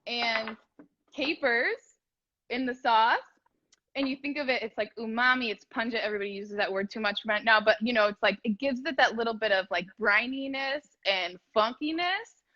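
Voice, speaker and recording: A guest cook joins a casual cooking chat by video call, a woman who rambles and fills her speech with fillers. Her voice is on the high side, bright and forceful, though the audio sounds dull.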